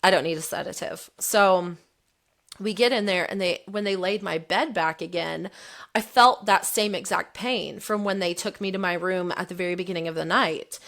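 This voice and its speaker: A woman's voice: lowish voice, normal speed. A woman in her thirties, a podcast guest, candidly telling a personal story and acting out the quoted lines. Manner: candid, animated retelling, voicing the quotes.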